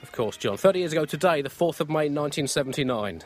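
A man's voice: fairly high pitch, animated, fast talker, few pauses, faint music behind. A man co-hosting a comic podcast, delivering jokes in a dry, mock-grandiose way. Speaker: podcast co-host.

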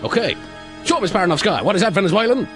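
Guy doing a loud pushy gumshoe, raised pitch, bit of music underneath. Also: big pitch swings, fast talker. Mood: brash. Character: brash tough-talking male private detective.

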